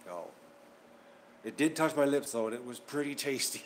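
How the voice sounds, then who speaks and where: A man's voice: mid-range voice, lively intonation, normal speed, slight background noise. Rambling, worked-up male vlogger. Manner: rambling and repetitive, getting worked up. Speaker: channel host. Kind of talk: casual vlog chat to viewers.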